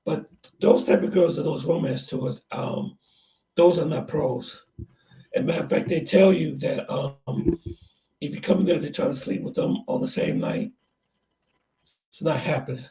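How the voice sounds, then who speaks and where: A man's voice: fairly high pitch, moderate pace, long pauses, warm tone, distant mic, a little hiss or hum. A man hosting a casual podcast chat, telling stories in a rambling, hesitant way. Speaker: channel host.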